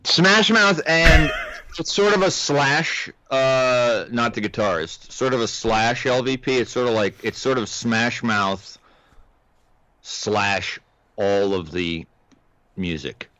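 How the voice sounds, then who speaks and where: A man's voice: medium pitch, slow, pushed and bright, dry recording. Male co-host, wry rambler, dry slightly muffled sound. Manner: rambling, wry, many restarts. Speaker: podcast co-host. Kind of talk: casual chat.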